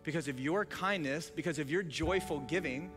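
A male pastor telling a story in a sermon, excited, with many restarts. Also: fairly high pitch, moderate pace, long reverb tail, over music.

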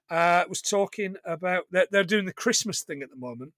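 Male podcast host, high and bright, very expressive, sweary, dry close mic. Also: a little fast, dry recording. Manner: sweary, animated, laughs often. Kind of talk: casual podcast chat.

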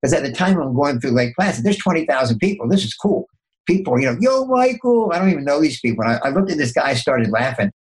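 An older man with a mid-range voice speaks as a podcast guest, telling motivational stories. He shifts his pitch sharply as he acts out his own inner dialogue. He often stumbles, restarts and repeats words. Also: expressive, quick pace, low-quality recording. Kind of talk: motivational storytelling.

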